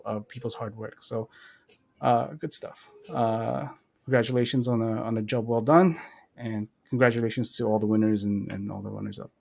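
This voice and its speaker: A man's voice: medium pitch, gravelly, darkish tone. A man co-hosting a model-building livestream, chatting casually with lots of fillers and restarts. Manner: rambling, many fillers and restarts.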